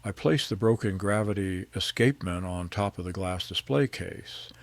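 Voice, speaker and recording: Low, gravelly middle-aged male narrator. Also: dry recording. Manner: calm, measured and precise. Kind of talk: first-person story narration.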